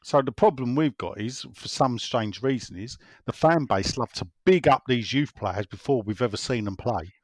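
A man's voice: mid-range voice, moderate pace, hardly any pauses, no room sound. Chatty man, dry close sound. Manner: rambling, conversational, repeats himself. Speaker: football podcast host reading listener messages. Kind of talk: casual chat.

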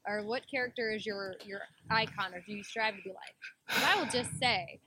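A woman's voice: medium pitch, fairly quick, a little hiss or hum. A woman co-hosting a podcast, chatting casually and quoting favourite TV scenes with animation. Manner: animated, laughs and quotes TV lines. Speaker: podcast co-host. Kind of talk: casual chat.

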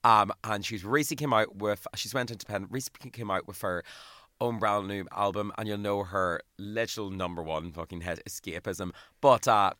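On a podcast, a male co-host chats casually, playful and teasing, in a lowish voice with a bright, forceful tone at a moderate pace. The studio sound is clean with no room sound.

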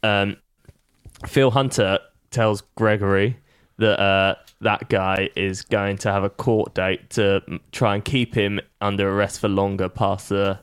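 A man's voice: on the low side, fairly even intonation, a little slow, clear, resonant tone, dry recording. A man hosting a comedy podcast, steadily recapping a TV series plot. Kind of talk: casual comedy podcast chat.

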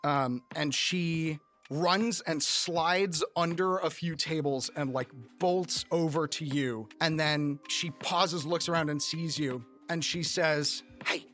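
A man's voice: on the high side, slow pace, hardly any pauses, fairly bright tone, soft background music. A man narrating a tabletop game as game master, in a loose, rambling way full of fillers.

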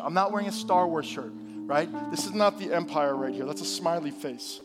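Pastor, male, high voice, dynamic sermon delivery that swings from hushed to loud. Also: brisk, loud music behind the voice. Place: church hall.

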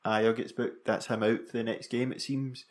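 A man's voice: medium pitch, level tone, brisk. A Scottish man co-hosting a football podcast, making his points earnestly and emphatically. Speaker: podcast co-host. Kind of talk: casual football podcast chat.

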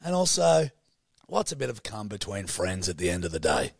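A young Australian man co-hosting a podcast, loud and sweary, laughing often as he banters. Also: fairly low pitch, big pitch swings, normal speed, gravelly, husky, dry recording. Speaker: podcast co-host. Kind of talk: casual banter.

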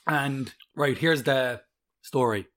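A man's voice: medium pitch, slow, fairly bright tone. A young man co-hosting a podcast, joking loosely, crudely and swearing freely. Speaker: podcast co-host. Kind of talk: casual banter.

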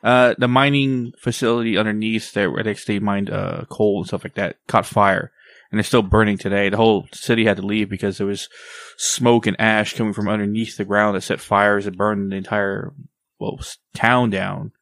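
A man's voice: on the low side, flat delivery, moderate pace, a bit bright, dry recording. A man in his thirties co-hosting a casual podcast, laid-back and rambling, swearing now and then. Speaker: podcast co-host. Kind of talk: casual chat.

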